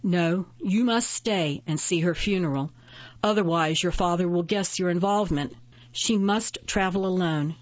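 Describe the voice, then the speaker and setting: A woman's voice: fairly low pitch, normal speed, no echo, muffled recording, lightly acted. Woman reading as Yim, a proud scornful witch. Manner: cold, cutting retorts.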